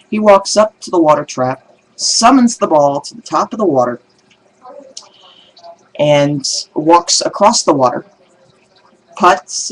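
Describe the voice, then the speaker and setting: A man telling religious jokes in a casual video blog, animated and laughing at his own punchlines. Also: on the high side, slight background noise, rough recording.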